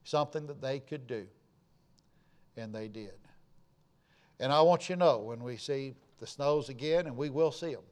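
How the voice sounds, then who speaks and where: A man, a pastor preaching a sermon and telling stories, going from hushed asides to loud emphatic lines. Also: mid-range voice. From Florida.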